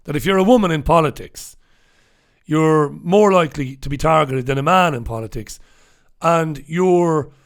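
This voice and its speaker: A blunt, sarcastic Irish man hosting a solo news review show, reading out chat comments and swearing freely as he goes. His voice sits a little high for a man and has a gravelly, crackling edge. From Ireland. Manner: blunt, sarcastic and profane, with asides and laughs. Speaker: host.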